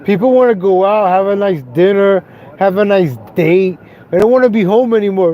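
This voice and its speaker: A man with a high but dark-toned voice live-streams while driving his car. His ranting commentary is profane and mocking, flaring into angry cursing before he turns apologetic toward his viewers.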